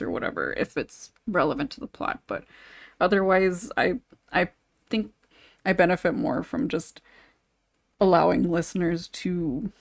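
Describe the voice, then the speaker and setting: A woman with a lowish, gravelly voice talks loosely about her writing on a podcast. She rambles and fills her sentences with fillers and restarts. The sound is dry and close. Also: no room sound. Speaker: ASMR script writer. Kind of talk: casual podcast discussion.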